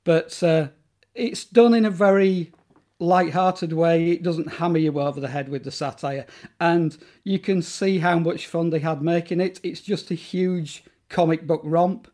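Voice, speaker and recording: A man's voice: on the high side, steady tone, unhurried, darkish tone. A man talking as a guest in a casual interview about horror films, enthusiastic and rambling, with plenty of fillers and restarts.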